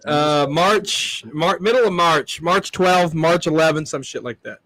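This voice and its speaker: A man with a high voice wisecracks and swears his way through casual stories on a stream. The sound is dry and close. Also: a little slow, fairly bright tone, dry recording. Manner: profane, storytelling, wisecracking. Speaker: podcast host. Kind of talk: casual livestream chat.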